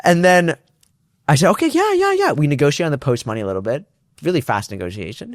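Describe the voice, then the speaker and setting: A man's voice: fairly high pitch, wildly swooping pitch, fairly quick, dry recording. A young man, a startup founder, casually telling a story in an interview, acting out both sides of phone calls with lots of restarts and fillers.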